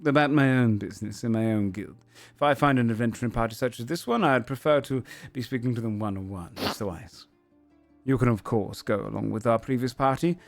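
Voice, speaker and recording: A man voicing a regal, composed lion-folk woman who works as a treasurer, speaking in a calm, measured and politely cutting way. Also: medium pitch, gravelly, soft background music, lightly acted. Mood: poised.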